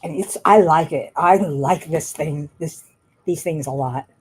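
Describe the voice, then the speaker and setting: A woman's voice: sits low, a little slow, a little mellow, breathy edge. A woman chatting casually while she works on a craft at home, rambling and laughing often. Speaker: craft vlogger.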